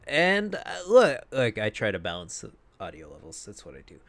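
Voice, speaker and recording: A man's voice: on the low side, wildly swooping pitch, brisk. A young man co-hosting a podcast, chatting casually and rambling with frequent laughs into a foam-covered mic. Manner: laid-back, rambling, laughs often. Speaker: podcast co-host. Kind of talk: casual chat. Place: home podcast setup. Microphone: podcast mic with foam windscreen.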